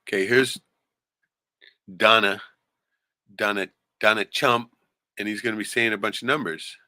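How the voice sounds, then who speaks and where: A man's voice: fairly low pitch, fairly even intonation, unhurried, pushed and bright, no echo. A man giving sarcastic, profane commentary on video clips as the host of a streamed show. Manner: sarcastic, swears a lot.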